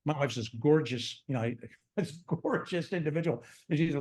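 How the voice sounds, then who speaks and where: A man's voice: a little high, moderate pace. A man in his sixties, a theme park designer telling stories from his life in an interview, acting out the voices of people he quotes. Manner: animated, acts out quoted dialogue in his telling. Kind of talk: storytelling in conversation.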